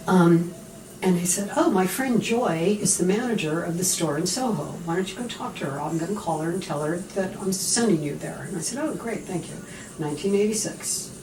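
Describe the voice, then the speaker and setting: A woman in her late sixties, a guest telling chatty, animated stories about her past work. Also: lowish voice. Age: 60s. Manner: chatty, animated, acts out quoted voices. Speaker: interview guest, former visual merchandiser. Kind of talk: casual storytelling chat. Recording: distant mic with clear background noise.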